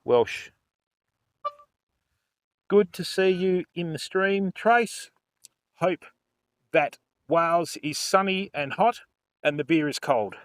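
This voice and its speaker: Chatty older man, fairly high voice. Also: animated, takes it slowly, long pauses, no room sound. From Australia. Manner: chatty, jokey, laughs often, addresses chat by name. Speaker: fishing livestream host. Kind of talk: casual livestream chat.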